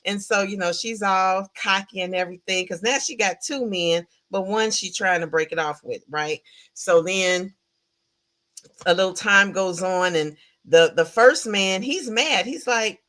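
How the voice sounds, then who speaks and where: Woman host, chatty film recap, animated, laughs often, asks chat questions. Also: mid-range voice, a little slow. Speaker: podcast host reviewing a film. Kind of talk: casual livestream film recap.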